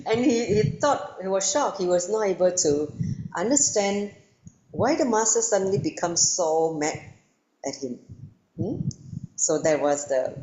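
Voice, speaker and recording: A woman spiritual teacher telling a story to listeners, animated and acting out parts, with frequent fillers. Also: on the low side, unhurried. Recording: echoey room.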